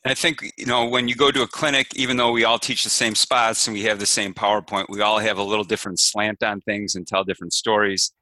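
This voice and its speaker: A man guest on a podcast, explaining his coaching course in casual, steady talk. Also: lowish voice, fast talker, few pauses, no echo, low-quality recording. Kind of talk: casual interview chat.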